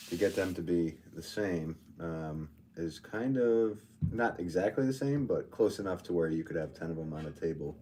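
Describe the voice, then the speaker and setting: Deep-voiced chatty potter from Connecticut. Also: male voice, darkish tone, slight background noise. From Connecticut, USA. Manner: chatty, joking, self-mocking, restarts often. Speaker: potter hosting a livestream. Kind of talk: casual livestream chat reading comments. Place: pottery studio.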